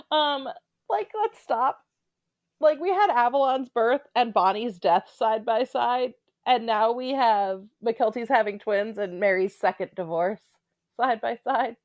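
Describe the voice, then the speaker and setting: A woman's voice: medium pitch, dry recording, dull audio. A woman giving casual, opinionated commentary on a reality show, with blunt, sarcastic asides.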